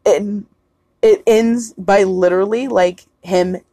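A woman co-hosting a podcast, retelling a film scene in a casual, profane, animated way. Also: mid-range voice, takes it slowly, dry recording. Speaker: podcast co-host. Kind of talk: casual movie recap chat.

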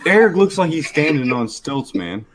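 Wisecracking man with lively pitch. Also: moderate pace, a loud crowd, rough recording. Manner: teasing, wisecracking. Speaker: podcast co-host. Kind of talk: casual chat.

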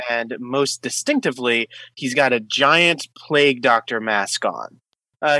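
Bright-voiced man describing his character. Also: mid-range voice, dry recording, poor audio. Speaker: player.

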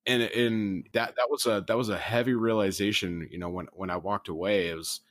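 A man's voice: on the low side, steady tone, brisk, no room sound. A man who used to tour, talking reflectively in a casual podcast chat, often restarting his sentences. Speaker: podcast co-host or guest, former touring musician.

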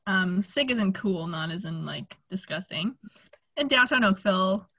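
A woman's voice: mid-range voice, animated, moderate pace, pushed and bright, breathy edge. A young woman chatting casually with friends, making wry, dry remarks. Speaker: podcast co-host. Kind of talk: casual chat among friends.

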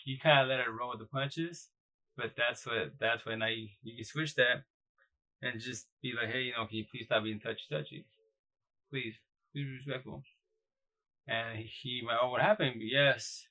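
Giving dating advice on a casual live stream, a man with a sharp-toned, mid-range voice speaks bluntly and slangily, restarting a lot. The audio is poor, picked up by a phone or computer microphone.

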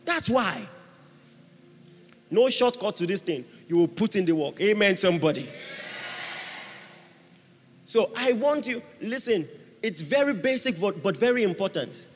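A man preaching a sermon, emphatic, swinging from hushed asides to shouted exhortation. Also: high-pitched, animated, normal speed, pauses often, a little hiss or hum. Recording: long reverb of a large hall.

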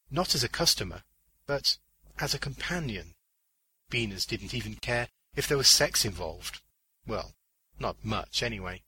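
Male narrator, lively pitch, very bright husky voice, dry sound. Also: moderate pace, no room sound, rough recording. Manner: expressive storytelling delivery. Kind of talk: scripted audiobook narration.

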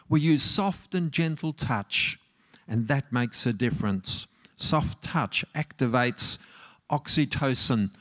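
A middle-aged man, a marriage counsellor, giving a relaxed talk and asking his audience questions. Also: mid-range voice. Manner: conversational, asks the audience questions.

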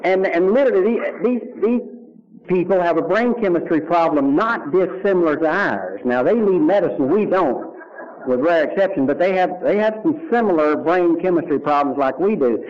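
Kentucky man telling his recovery story. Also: normal speed. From Louisville, Kentucky. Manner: animated storyteller, dropping to hushed low tones for serious moments. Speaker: recovery meeting speaker. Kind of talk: personal testimony storytelling. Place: meeting room before a live audience. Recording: lo-fi early 1990s tape recording.

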